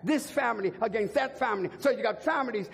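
An older man preaching a sermon as a bishop, driving points home by repeating words and rising to shouts. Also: very high voice, fast, gravelly, slightly rough. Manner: emphatic repetition, rising to shouts. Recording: long hall reverb, faint organ music.

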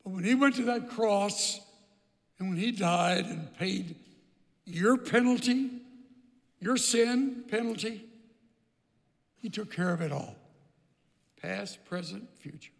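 A man's voice: sits high, animated, slow, vocal fry, pauses often, big-room sound. A man preaching a sermon as pastor, emphatic and repeating phrases for stress.

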